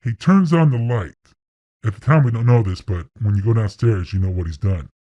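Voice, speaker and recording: A man casually telling a first-person story, animated and profane, acting out sounds. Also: fairly low pitch, a little fast, no echo, dull audio.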